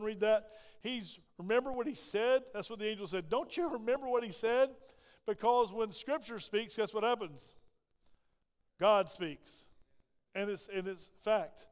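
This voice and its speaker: A man's voice: sits high, smooth. A man, a pastor preaching an emphatic sermon that swells and drops. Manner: emphatic, rising and falling preaching delivery. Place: church sanctuary. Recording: long hall reverb.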